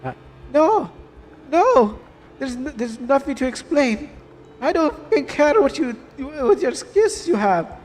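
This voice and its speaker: A man's voice: extremely high pitch, big pitch swings, measured pace, a little mellow, big-room sound, pitched above the performer's own voice, exaggerated voice. A man voicing an angry, hurt young adult daughter in a game, with a snapping, bitter delivery. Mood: defiant.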